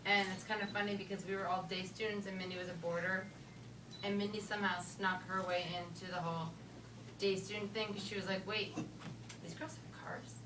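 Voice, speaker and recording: A young woman from Connecticut giving a casual, joking rehearsal dinner toast, rambling with playful slang and quick asides. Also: medium pitch, little pitch movement, noisy background. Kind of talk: casual joking speech to a crowd. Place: dinner hall with guests. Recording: roomy hall from a distance, loud crowd.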